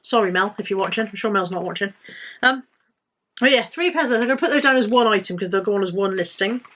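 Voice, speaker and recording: A woman's voice: medium pitch, fast talker, fairly bright tone. A British woman vlogging casually about items she bought to resell, chatty and rambling with self-corrections. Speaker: resale vlogger. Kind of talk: casual haul vlog.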